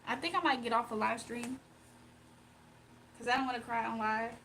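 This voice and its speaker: A young woman from Virginia hosting a casual livestream, reading comments aloud, emotional and quick to laugh. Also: fairly high pitch, a bit bright, slight background noise. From Virginia, USA. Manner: emotional, giggly, talks to chat. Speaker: livestream host.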